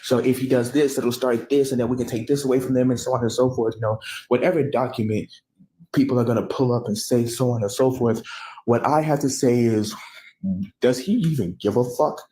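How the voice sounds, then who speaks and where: A man's voice: mid-range voice, steady tone, fairly quick, mellow, rough recording. An American man giving a rambling, profane reaction commentary, often stopping to correct himself. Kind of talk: casual ranting commentary.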